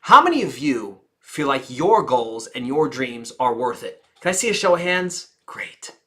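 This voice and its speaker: A woman speaking coach teaching a live audience, theatrical and engaging, who deliberately slows down, drops her volume and pauses for effect, and puts questions to the listeners. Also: rumbling low, big pitch swings, bright, forceful tone. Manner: theatrical, shifts pace and volume on purpose, dramatic pauses.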